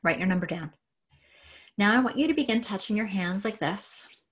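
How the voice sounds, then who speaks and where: A woman coach leading a guided tapping exercise, talking listeners through it with slow, repeated cues. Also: medium pitch, lively intonation, slightly rough. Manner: slow, repetitive guiding cues. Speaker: coach and trainer.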